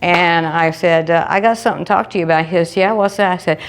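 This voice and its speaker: Woman, storytelling to a group, lively delivery, acts out dialogue, voice leaps high for quotes. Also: quick pace, smooth. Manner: lively, acts out dialogue with big pitch jumps. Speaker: presenter sharing a testimony. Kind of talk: animated storytelling to a live group.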